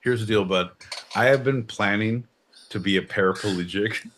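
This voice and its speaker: A man's voice: moderate pace, slight background noise. A man co-hosting a live podcast, joking and swearing in casual banter with big swings in his voice. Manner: profane, jokey, loud swings in pitch. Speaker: podcast co-host.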